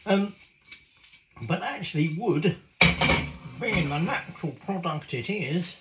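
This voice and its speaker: A middle-aged man with a high-pitched, animated voice takes things slowly in a roomy, very noisy recording. He hosts a cooking show, casually rambling and mildly swearing as he cooks in his home kitchen for a vlog.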